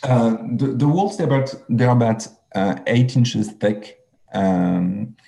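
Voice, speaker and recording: A man with a French accent presenting his home retrofit on a video call, halting, with many fillers and restarts. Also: mid-range voice, animated, gravelly, warm tone. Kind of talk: webinar presentation.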